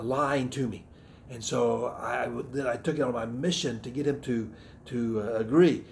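A middle-aged man from the Southern United States giving a personal testimony in a sermon, earnest and reflective, often pausing and restarting his sentences. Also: medium pitch, creaky, a little mellow, slight background noise. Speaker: missionary speaker giving testimony.

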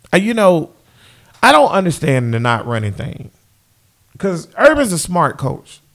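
A man's voice: a little high, huge pitch swings, slow, pauses often, fairly bright tone. A young man giving casual fan commentary, repeating phrases and talking straight to his viewers.

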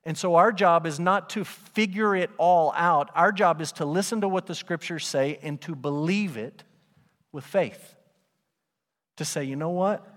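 A man's voice: fairly high pitch, unhurried, fairly bright tone. Man preaching in a reverberant church. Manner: conversational preaching with rhetorical questions. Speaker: pastor. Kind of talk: sermon. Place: church sanctuary. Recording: long hall reverb.

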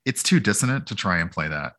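Deep-voiced man, rambling chat. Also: quick pace. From United States. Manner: rambling, self-deprecating, animated when amused. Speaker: guest streamer. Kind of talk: casual podcast chat.

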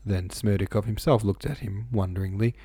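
Man reading a novel out loud, steady pace, low dark mellow tone, super dry close sound. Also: fairly quick, slightly rough, no echo. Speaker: audiobook reader. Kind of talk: novel narration.

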